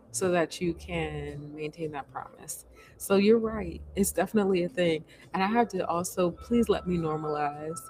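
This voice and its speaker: Earnest woman host coaching viewers. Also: lowish voice. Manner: earnest, animated, coaching, self-reflective. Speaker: host answering viewer comments. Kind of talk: casual livestream chat.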